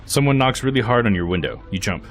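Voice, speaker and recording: A young man streaming a game, reading its text aloud with lively commentary and frequent laughs. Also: lowish voice, quick pace. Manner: lively, laughs often, reads narration aloud.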